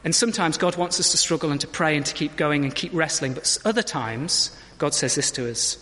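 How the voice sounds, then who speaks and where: A man's voice: on the high side, brisk, hardly any pauses, pushed and bright, in a large hall. A man giving a conversational sermon in a church, reading scripture and asking the congregation questions. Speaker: preacher.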